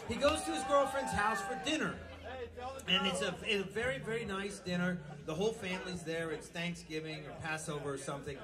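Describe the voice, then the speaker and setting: In a small live venue, a high-pitched male stand-up comedian rambles through crude jokes with loose storytelling. The club recording picks up music and audience noise.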